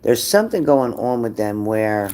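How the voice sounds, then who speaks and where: A psychic reader giving an unhurried spirit-message reading who repeats phrases and trails off mid-sentence. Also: mid-range voice, sing-song. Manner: breaks off to scold a dog loudly.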